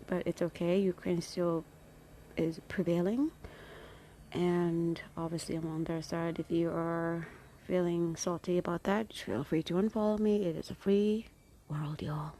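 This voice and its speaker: Chatty, rambling woman with a lowish voice. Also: dark tone, slight background noise. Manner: chatty and rambling, with playful greetings; drops into whispered asides. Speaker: vlogger. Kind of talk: casual talk to followers.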